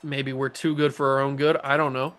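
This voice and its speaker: A young man hosting casual gameplay commentary, playful and cocky, breaking into excited play-by-play calls. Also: medium pitch, fairly quick. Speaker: gaming YouTuber, host.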